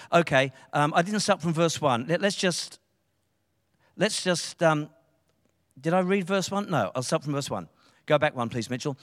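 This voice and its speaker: An Australian man, a pastor, preaching a live sermon in a conversational, animated way, often restarting his sentences for emphasis. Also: on the high side, normal speed. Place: church hall, live service. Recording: reverberant church hall.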